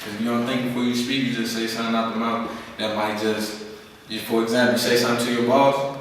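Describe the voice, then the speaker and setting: A man's voice: medium pitch, flat delivery, quick pace. A young man giving a casual talk to an audience, telling stories and acting out quoted voices. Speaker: speaker at a skills program. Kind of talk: informal presentation to an audience. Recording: echoey hall from far off, faint noise.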